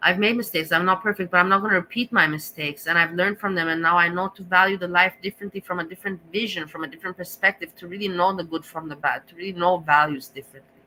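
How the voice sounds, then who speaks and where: A woman's voice: on the low side, steady tone, fast, pushed and bright, slight background noise, poor audio. A woman streamer talking to her viewers in an emotional, rambling monologue, with frequent swearing and restarts.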